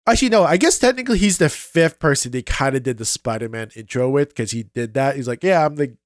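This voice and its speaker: A man co-hosting a podcast, reacting to a movie in a halting, excitable way full of "like". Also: medium pitch, no echo, clean studio sound. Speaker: podcast co-host. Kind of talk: casual movie review chat.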